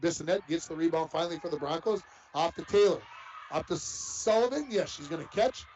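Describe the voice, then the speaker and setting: A play-by-play announcer calls a live basketball game, turning folksy and chatty between plays. His voice is a little high, a little mellow and fairly quick, heard on dull lo-fi broadcast audio with a slight hiss or hum.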